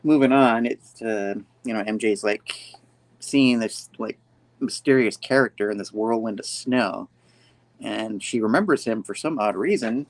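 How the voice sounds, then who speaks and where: Man casually recapping a comic. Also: on the low side. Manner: animated retelling with quick character voices. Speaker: comic book review show host.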